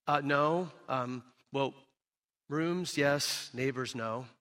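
A man voicing Noah, a heartbroken, gentle patriarch who answers his wife softly and patiently. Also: medium pitch, extremely slow. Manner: soft, patient, reassuring.

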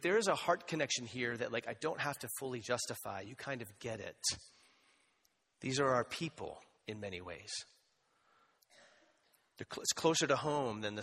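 A man preaching a sermon as pastor, conversational and animated, with asides and humor. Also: medium pitch, husky. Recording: long hall reverb.

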